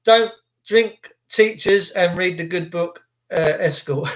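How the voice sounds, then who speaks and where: A man's voice: high-pitched, unhurried. A middle-aged man hosting a casual live stream, reacting to footage with sarcasm and chatting to viewers. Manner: excitable, sarcastic, addresses viewers as mate. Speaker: livestream host.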